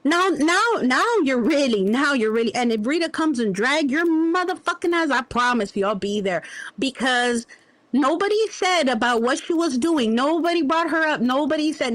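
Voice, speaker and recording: High-voiced woman ranting, profane. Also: a bit bright, no room sound. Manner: profane, confrontational, drawn-out insults. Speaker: livestream host. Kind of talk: heated livestream rant.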